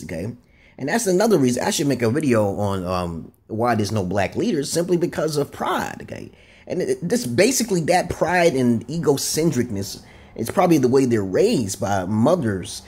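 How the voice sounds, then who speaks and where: A man vlogging a rambling, profane monologue, tagging lines with "okay?" and jumping up in pitch for emphasis. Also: husky. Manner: animated, jumps up in pitch for emphasis. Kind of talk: casual ranting monologue.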